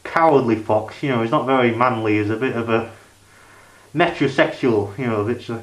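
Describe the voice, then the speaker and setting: A man's voice: mid-range voice, fairly quick. Rambling man, echoey room. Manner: rambling, full of "you know" and "like" fillers. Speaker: DVD collection reviewer. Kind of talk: casual review vlog.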